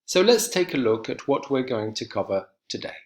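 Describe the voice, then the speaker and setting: A man teaching an English grammar lesson to students, clear and emphatic as he speaks to them directly. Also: mid-range voice, very animated, moderate pace.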